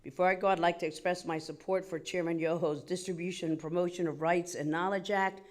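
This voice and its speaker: A congresswoman with a low voice delivers a formal, prepared statement at a committee hearing. Slightly out of breath, she lists her points in a measured, emphatic manner.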